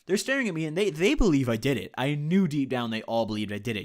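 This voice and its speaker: A man telling a story on his vlog in a casual, profane, rambling way, full of "you know", swinging between loud and quiet. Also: medium pitch, animated, fast talker, hardly any pauses. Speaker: YouTube storyteller.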